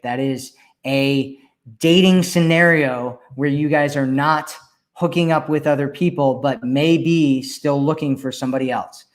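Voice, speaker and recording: Hosting a live Q&A as a dating coach, a man with a fairly high pitch reads comments from viewers aloud, responds forcefully, and hammers his key points repeatedly.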